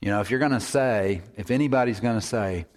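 A man's voice: fairly low pitch, fast talker. A man preaching a sermon, repeating phrases for emphasis and at times dropping to a whisper.

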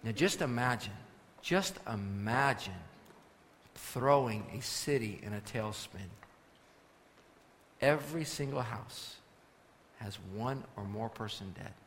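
A man preaching a sermon as pastor, swinging between quiet, firm instruction and loud, forceful scripture reading. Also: mid-range voice, slow pace, long pauses, a little hiss or hum. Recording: long reverb of a large hall.

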